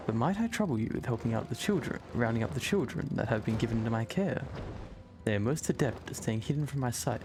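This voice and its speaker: A man's voice: medium pitch, lightly acted. A man voicing a dignified, formal adult male warrior, reading game dialogue in courtly phrasing over faint music.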